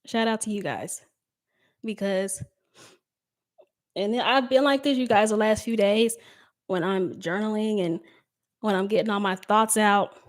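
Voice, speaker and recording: A woman's voice: medium pitch, measured pace, long pauses. A woman hosting a tarot livestream, chatting casually and reading viewer comments aloud. She talks in a heartfelt, emotional way. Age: adult with a child. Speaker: tarot reader livestream host.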